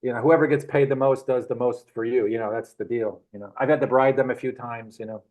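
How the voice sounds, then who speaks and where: A man's voice: medium pitch, fast, rough recording. Chuckling man spinning rambling stories. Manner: animated, chuckling, rambling anecdotes. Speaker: guest. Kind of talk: casual storytelling.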